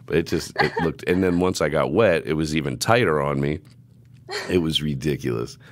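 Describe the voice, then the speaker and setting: A man's voice: very deep voice, normal speed, no echo. A young man hosting a podcast, telling stories in a profane, laughing, casual way. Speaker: podcast host.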